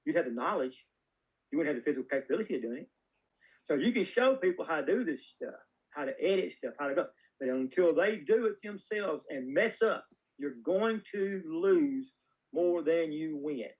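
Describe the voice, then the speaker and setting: A man with a somewhat high voice, chatting as a guest filmmaker. He tells folksy, meandering stories, circling back and restarting his sentences. His delivery is loose and conversational. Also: lively intonation, normal speed, husky, low-quality recording. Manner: folksy, rambling anecdotes with many restarts. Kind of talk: casual interview storytelling.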